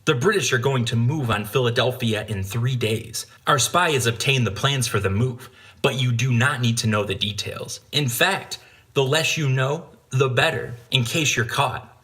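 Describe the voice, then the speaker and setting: A cautious patriot murmuring plans, as a man reads him aloud in a storybook. He keeps his voice hushed and conspiratorial, close to the reader's own tone. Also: mid-range voice, moderate pace, lightly acted. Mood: serious. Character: cautious older male patriot schemer.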